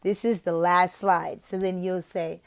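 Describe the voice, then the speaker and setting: Speaking at a measured, smooth pace, a female online English teacher gives interview tips by demonstrating how to teach a lesson over her slides. She stays animated and expressive throughout, acting out classroom moments in whispers and a high, sing-song voice.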